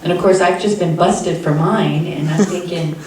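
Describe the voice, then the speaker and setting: A woman's voice: fairly low pitch, normal speed, a little hiss or hum. Woman telling a story in an echoey room. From South Texas. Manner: animated, acts out other people's voices. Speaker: storytelling host. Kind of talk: live personal storytelling. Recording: echoey live room from a distant mic.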